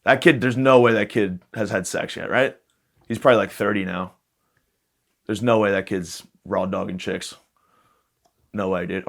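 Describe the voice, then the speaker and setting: A man's voice: lowish voice, normal speed. A man hosting a podcast, riffing in a crude, rambling comic monologue. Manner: crude, rambling, jokey, drops into quoted voices. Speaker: podcast host. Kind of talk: casual comedic monologue.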